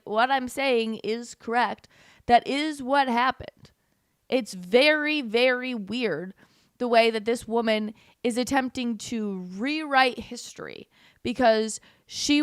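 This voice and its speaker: A woman's voice: on the high side, fairly bright tone, no echo, studio quality. A young woman from Canada, guest hosting a casual political commentary livestream in a sarcastic, giggly, chatty way and talking to viewers in the chat. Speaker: guest host.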